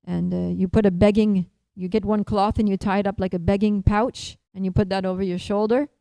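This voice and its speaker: A woman voicing a bossy, brisk forest goddess. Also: medium pitch, level tone, gravelly, mellow, no room sound, natural voice, rough recording. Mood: brisk instructing. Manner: brisk, instructive, raised voice. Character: helpful wise forest goddess, bossy instructor.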